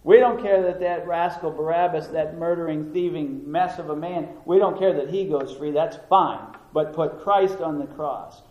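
A man voicing a crowd of scornful, gloating Pharisee men in a loud, sneering way, with a roomy echo. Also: on the high side, moderate pace, few pauses, lo-fi sound, natural voice.

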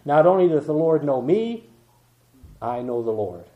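Older preacher with a dull lo-fi sound. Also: male voice, a little high, sing-song. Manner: reads King James verses slowly and with emphasis, asides in a dropped voice. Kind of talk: evening sermon reading scripture. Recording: dull lo-fi church recording.

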